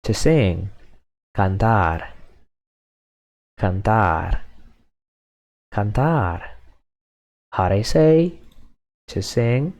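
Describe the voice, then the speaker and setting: A man with a lowish, mellow voice leads a beginner language drill. He speaks slowly and patiently, saying each phrase several times before moving to the next. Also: expressive. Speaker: language teacher. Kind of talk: slow, repetitive lesson drills.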